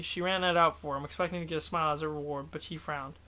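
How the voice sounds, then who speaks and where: A man reads a novel aloud in a steady, unhurried way, correcting himself now and then. His voice is a little higher than most men's. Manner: steady, self-correcting reading. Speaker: audiobook reader. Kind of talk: novel reading.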